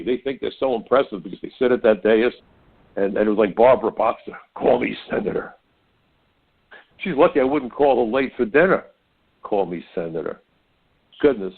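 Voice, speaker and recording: An older man hosting a talk radio show, telling stories in a folksy, opinionated way and often stammering on repeated words. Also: mid-range voice. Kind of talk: conservative talk radio monologue. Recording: narrow phone-like radio sound.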